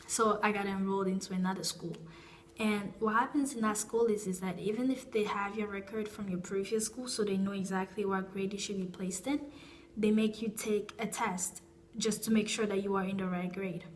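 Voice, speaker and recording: A woman's voice: medium pitch, steady tone, normal speed, a little hiss or hum. A young woman vlogger telling a personal story in a casual, rambling way, with frequent restarts and asides.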